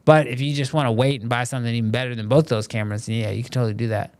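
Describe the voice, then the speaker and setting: A man with a smooth, resonant voice hosts a casual live stream and chats loosely with his viewers. He sits at a middle pitch and talks in a relaxed way, with plenty of "um" and "like" between his thoughts. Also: very fast. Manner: relaxed and conversational, many fillers like "um" and "like".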